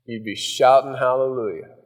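Man, pastor, folksy conversational sermon, mid-pitched voice, long hall reverb. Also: normal speed. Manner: folksy, conversational preaching with acted-out asides. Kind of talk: verse-by-verse sermon.

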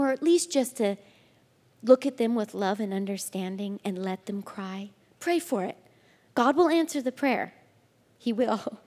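Woman speaker, fairly high voice, earnest sermon to a ladies' group, long hall reverb. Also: darkish tone. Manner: earnest, emphatic, slows for scripture, drops to near-whispers. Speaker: women's ministry speaker.

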